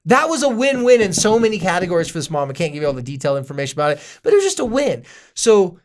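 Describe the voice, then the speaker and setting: A man co-hosting a parenting podcast, chatting casually and acting out quoted parents and kids. His voice sits a touch higher than most men's. He keeps it loose and jokey. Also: sing-song, very fast. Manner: jokey asides. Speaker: podcast co-host, parenting therapist.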